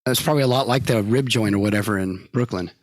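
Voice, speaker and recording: A man's voice: fairly low pitch, quick pace, no room sound. A middle-aged man hosting a podcast, asking loose, rambling questions and laughing easily. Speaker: podcast host. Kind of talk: casual interview questions.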